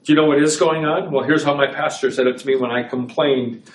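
A man's voice: a little high, fairly even intonation, a little fast. A man pastor giving a conversational sermon to a small congregation, asking his listeners rhetorical questions. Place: small church. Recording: echoey room, voice from a distance.

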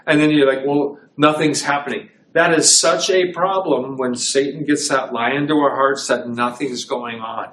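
A man's voice: mid-range voice, steady tone, normal speed, few pauses, a bit bright. A man pastor giving a conversational sermon to a small congregation, asking his listeners rhetorical questions. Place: small church. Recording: echoey room, voice from a distance.

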